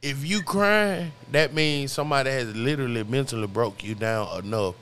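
A man's voice: medium pitch, normal speed, a bit bright, clear, resonant tone. Stammering, laid-back male podcast host. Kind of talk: casual podcast chat.

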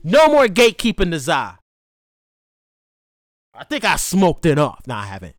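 A man's voice: on the high side, huge pitch swings, normal speed, dry recording, studio quality. A young man in a casual, profane, slang-heavy monologue, rambling as he gives blunt advice. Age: young adult. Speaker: vlogger.

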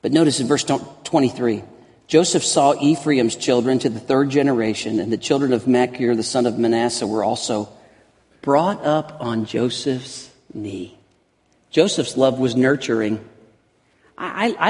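A man in his forties preaching a sermon as pastor, swinging from loud emphatic peaks to hushed soft lines and often repeating words. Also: medium pitch, moderate pace. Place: church sanctuary. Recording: long reverb of a large hall.

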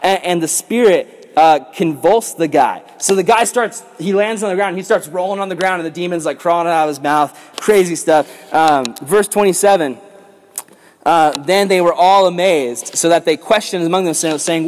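A man's voice: fairly high pitch, animated, brisk, slight background noise. A man teaching a casual Bible lesson to young people as their youth pastor, joking around and rambling between verses.

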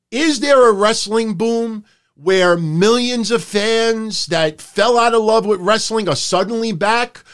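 A man in his forties hosting a podcast, talking bluntly in a casual, opinionated rant and swearing freely. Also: a little high. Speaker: podcast host. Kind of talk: casual opinionated wrestling talk.

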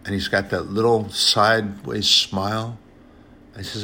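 A man's voice: on the low side, flat delivery, a little slow, gravelly, bright, forceful tone, slight background noise. A man preaching an informal sermon in an earnest, conversational way, often repeating phrases and addressing brothers and sisters.

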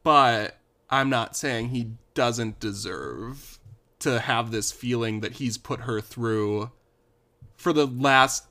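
A man's voice: mid-range voice, takes it slowly, pushed and bright. A man co-hosting a podcast, recapping a TV show in casual chat, rambling along with lots of "like" and the odd sigh. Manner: rambling, with frequent "like" fillers and sighs. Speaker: podcast co-host.

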